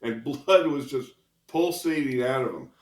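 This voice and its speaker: His voice sits at medium pitch and runs a little slow. A retired policeman in his sixties, he's a podcast interviewee telling vivid, anecdotal stories with chuckles sprinkled throughout, recorded in an echoey room.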